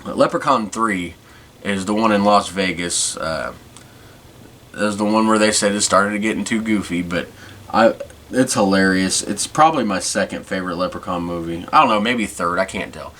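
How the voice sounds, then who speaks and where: With a fairly bright tone on the low side and a normal speed, the man hosts a podcast in a casual, rambling way, frequently starting over. Some hiss or hum is audible in the recording.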